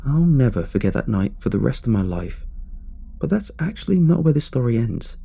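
A man narrating a scripted horror story in a measured, suspenseful way. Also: mid-range voice, sing-song, creaky, mellow, breathy edge, faint music behind.

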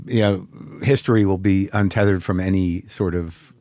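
A man's voice: deep voice, fairly even intonation, normal speed, a little mellow, no room sound. A man hosting a casual interview, rambling with lots of restarts and swearing. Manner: rambling, frequent restarts, profane. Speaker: podcast host.

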